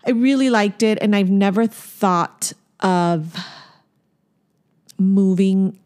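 A woman's voice: medium pitch, slow, a little mellow, clear, resonant tone. A woman co-hosting a casual podcast chat, telling stories in a loose, rambling way with lots of fillers and restarts. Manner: chatty storyteller, many fillers and restarts. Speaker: podcast co-host.

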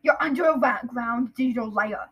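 A woman's voice: a little high, husky, muffled recording. A woman co-hosting a podcast, chiming in with teasing corrections in casual chat. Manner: teasing interjections, quick corrections. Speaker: podcast co-host.

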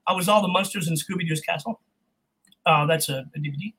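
A man from California, a voice actor, chatting as an interview guest in an animated, jokey way. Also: on the high side, quick pace, slightly rough, rough recording. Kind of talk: casual interview chat.

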